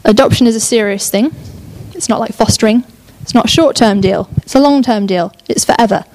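Her voice sits on the high side, fairly quick and darkish in tone, as this young woman preaches. The sermon is chatty and enthusiastic, with her often cutting herself off and beginning a thought anew.

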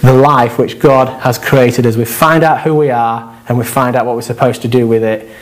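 A man delivers a sermon in a relaxed, conversational way. He is animated and jokes with the listeners as he goes. His voice sits at an ordinary middle pitch for a man. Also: normal speed, low-quality recording. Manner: conversational, animated, with laughs and asides. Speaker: preacher.

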